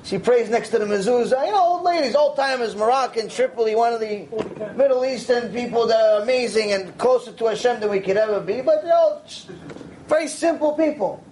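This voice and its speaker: A man teaching a Torah lecture, telling stories in an animated way and sprinkling in Hebrew terms and "you know". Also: very high voice, a little fast, a little hiss or hum, rough recording. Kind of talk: lecture with storytelling.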